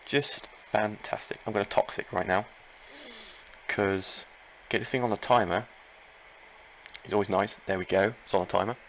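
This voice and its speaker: A man commenting live on his own Pokémon battle, excitable, talking to himself and his opponent and repeating phrases. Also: fairly low pitch, normal speed, long pauses, a little hiss or hum, low-quality recording. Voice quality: gravelly.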